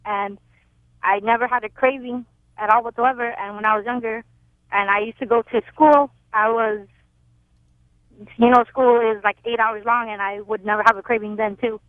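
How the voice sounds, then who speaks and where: Over a tinny phone line with no room sound, a caller in her twenties chats on a radio show, rambling and hesitant. Her voice is fairly high and steady, at a normal speed.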